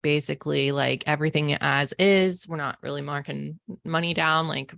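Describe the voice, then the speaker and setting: A podcast host and psychic medium in her forties tells a personal story, chatting casually and leaning on "like" and "um" a lot. Her low voice keeps a steady tone at normal speed, with vocal fry and a fairly bright quality. There's no echo.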